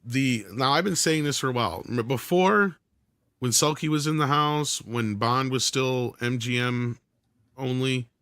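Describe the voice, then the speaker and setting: A man's voice: mid-range voice, measured pace, fairly bright tone, clear, resonant tone, no room sound, studio quality. A man hosting a casual panel chat, blunt and swearing, reading viewer comments aloud.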